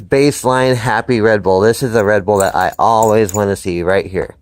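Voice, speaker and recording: A man's voice: lowish voice, moderate pace, few pauses. A man talking casually to camera outdoors about training his dog, explaining at length with frequent restarts. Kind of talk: casual instructional talk to camera. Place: outdoors, by a fenced yard.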